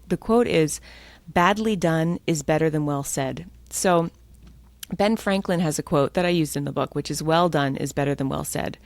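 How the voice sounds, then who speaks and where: Guest author, American woman, lively and upbeat, low-pitched, close dry mic. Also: no echo. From United States. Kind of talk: podcast interview.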